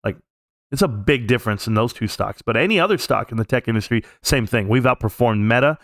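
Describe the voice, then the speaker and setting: A middle-aged man talking close to the mic in a dry, dead room, with a voice of middling pitch. He tells a story casually and at length on a live stream, and his voice jumps higher when he gets worked up. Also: fairly quick, dry recording. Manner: animated, jumps up in pitch when reliving tense moments.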